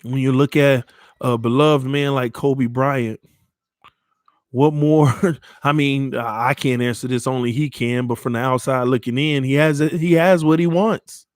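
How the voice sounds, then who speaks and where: Sports-channel host, male, mid-pitched, heartfelt pep talk to his fans, shaken after crying, dry close sound. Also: steady tone, normal speed, no echo. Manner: earnest, repeats phrases, addresses viewers as man and y'all. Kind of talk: emotional motivational talk to viewers.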